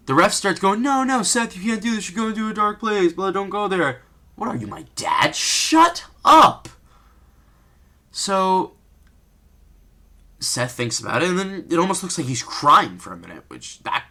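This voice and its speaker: A man's voice: on the high side, sharp tone. A man giving an unscripted, exasperated rant as a vlogger recapping a wrestling match, full of rhetorical questions.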